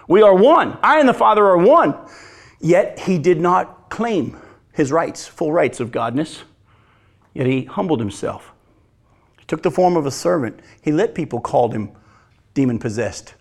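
A male pastor preaching a sermon in a conversational way, asking the congregation questions and swinging between emphatic lines and hushed ones. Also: fairly high pitch. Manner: addresses congregation directly, asks questions.

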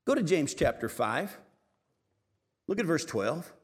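A middle-aged man delivers a sermon, pressing his points with emphatic, rising intensity. His voice sits a little high for a man. The sound carries a long reverberant tail, as in a large church. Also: very animated, unhurried, slightly rough. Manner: emphatic, rising to shouts in stories. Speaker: pastor.

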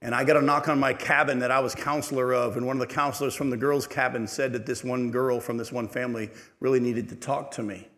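A man's voice: mid-range voice, steady tone, quick pace, few pauses, a bit bright. A middle-aged man preaches in a church sanctuary with a midrange voice. He tells his story earnestly and leans hard into his points. A long reverb from the hall follows every phrase. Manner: storytelling, earnest, building to emphatic exhortation. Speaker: pastor. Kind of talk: sermon.

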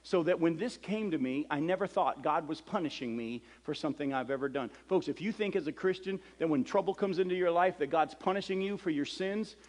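A middle-aged man, a preacher, telling a story in a sermon and acting out the dialogue with lively energy. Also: fairly high pitch, a little fast, hardly any pauses. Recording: long hall reverb.

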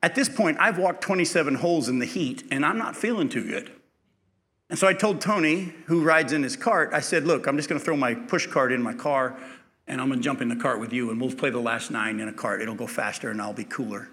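Speaking briskly at medium pitch with a slightly bright tone, a preacher relates a personal anecdote in a chatty way and performs its dialogue. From there his sermon rises into forceful preaching.

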